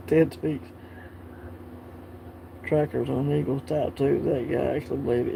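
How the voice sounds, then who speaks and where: A Southern man from Alabama, his voice pitched a touch high, rambles through a casual coin-collecting livestream. He laughs often and chats straight back to his viewers, with a faint hiss of noise behind him. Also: a little slow, gravelly, pauses often, dark tone.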